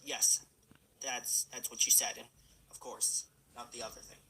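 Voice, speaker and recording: A man voicing a gruff male police engine officer in an amateur fan film, plain and matter-of-fact. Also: mid-range voice, flat delivery, unhurried, noisy background, voice pushed down, lightly acted. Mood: dry.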